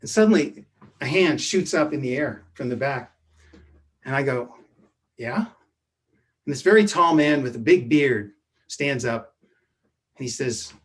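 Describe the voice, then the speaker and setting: A man telling a true personal story from his youth, in a measured way that often drops to a hushed voice. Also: medium pitch, animated. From Edwardsville, Illinois.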